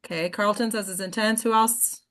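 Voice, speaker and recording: A woman's voice: medium pitch, fairly even intonation, normal speed, fairly bright tone. A woman leading an acting workshop in a casual group discussion, encouraging and often checking in with the group. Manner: encouraging, keeps checking in with "right?".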